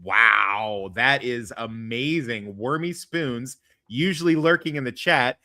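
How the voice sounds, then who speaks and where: A man's voice: medium pitch, slow, bright, forceful tone, no room sound, clean studio sound. A man hosting a podcast in casual, crude chat, rambling and joking at his own expense. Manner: rambling, self-deprecating, crude jokes. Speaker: podcast host.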